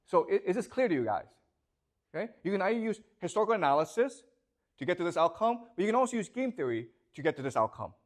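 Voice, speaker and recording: A man's voice: high voice, sing-song, fast talker. A man lecturing a classroom, asking students questions and checking often whether they follow.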